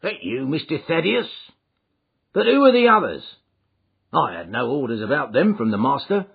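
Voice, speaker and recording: A man doing a gruff old prizefighter porter. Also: medium pitch, sing-song, normal speed, voice pushed up, full character voice. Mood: stubborn. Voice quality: gruff, gravelly, rustic speech. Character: gruff stubborn middle-aged prizefighter porter, McMurdo. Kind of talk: audiobook character voice. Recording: thin phone-like audio.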